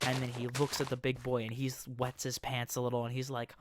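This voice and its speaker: A young man talks loosely over his gameplay, spinning a rambling tale and tossing in quick silly voices as he goes. His pitch sits in an ordinary middle range. The recording carries steady background noise and faint clicks. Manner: rambling, joking storytelling with quick mock voices. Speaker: gaming YouTuber. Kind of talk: casual game commentary.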